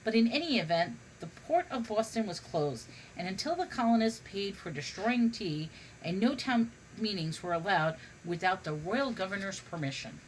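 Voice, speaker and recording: A woman's voice: medium pitch, animated, normal speed, few pauses, a little hiss or hum, rough recording. A woman reading a humorous history book aloud, now and then stumbling and restarting on a word. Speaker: reader.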